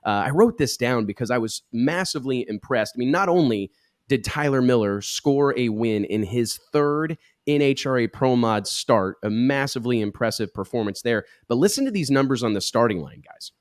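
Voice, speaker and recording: A middle-aged man hosts a casual racing talk show with plenty of enthusiasm, rattling off numbers. His voice is dry and close to the mic, with a mid-range pitch. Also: lively intonation, moderate pace, no echo. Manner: enthusiastic, reads off stats. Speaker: show host.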